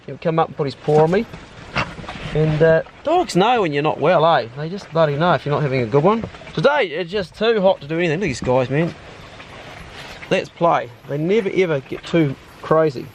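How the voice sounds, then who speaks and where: A man's voice: on the high side, a little mellow, slight background noise. A man with a New Zealand accent chatting casually in a rambling, laid-back way on his outdoor vlog. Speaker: vlogger storyteller. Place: outdoors on a hot day with dogs.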